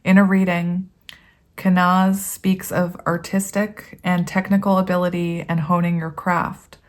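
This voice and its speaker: A woman with a somewhat low voice talks her viewers through a tarot reading. She rambles off on tangents, laughs often, and reads card meanings aloud in an easy, casual way. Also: little pitch movement, measured pace. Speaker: tarot reader.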